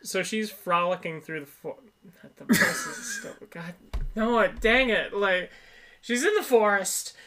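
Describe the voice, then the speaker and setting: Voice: medium pitch, lively intonation, a little slow, sharp tone. A person in their twenties co-hosting a casual movie-review podcast, rambling into tangents and laughing often. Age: 20s. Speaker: podcast co-host.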